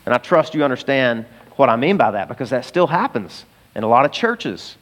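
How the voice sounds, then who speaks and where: A middle-aged man, a pastor, preaching a sermon in a conversational, animated way, with asides to the congregation. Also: mid-range voice, a little fast.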